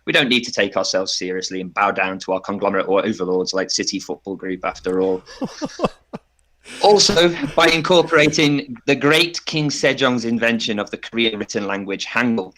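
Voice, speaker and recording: Man, bright tone, tongue-in-cheek mock pitch, podcast panelist. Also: expressive, a little fast, a little hiss or hum. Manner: playful, tongue-in-cheek, laughs often.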